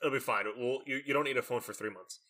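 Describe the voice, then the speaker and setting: Bright-voiced young man telling a story. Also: mid-range voice, fast. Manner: animated storytelling with many fillers and acted-out quotes. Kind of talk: casual chat.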